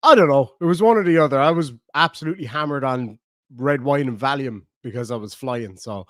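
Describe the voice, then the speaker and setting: Going through live comments, this middle-aged Irishman hosts his stream in a rambling, joking, conversational style. His medium-pitched voice comes across briskly in a dry, clean studio recording.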